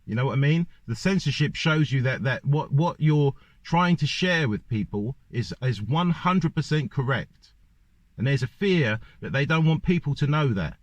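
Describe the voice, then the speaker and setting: A man's voice: mid-range voice, expressive, moderate pace, no room sound. A man ranting in a monologue to camera, firing off one rhetorical question after another. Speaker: vlogger. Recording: dull lo-fi dry recording.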